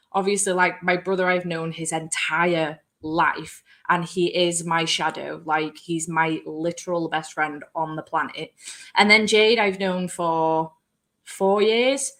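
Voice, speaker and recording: A woman hosting a book channel, chatting in a lively way with frequent laughter. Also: on the low side. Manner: animated, laughing, swearing. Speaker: booktube host. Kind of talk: casual chat.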